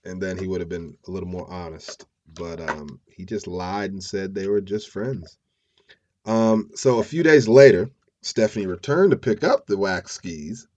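A man's voice: lowish voice, lively intonation, unhurried, darkish tone, muffled recording. A man hosting a podcast, retelling a story casually with profane slang. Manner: profane, slangy, chuckling asides. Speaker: podcast host. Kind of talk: casual true-crime storytelling.

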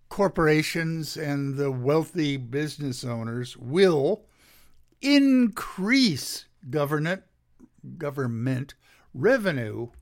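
Guy with a dry throat reading his notes out real slow, sarcastic, kinda creaky. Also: on the high side. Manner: slow, deliberate, sardonic, many pauses and fillers. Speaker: podcast host. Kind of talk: reading political commentary from notes.

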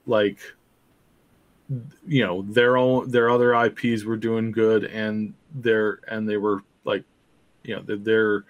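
A man's voice: fairly low pitch, slow, highs cut off. A man co-hosting a gaming podcast, talking animatedly and building out a theory in casual chat. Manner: animated, talks himself into theories. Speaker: podcast co-host.

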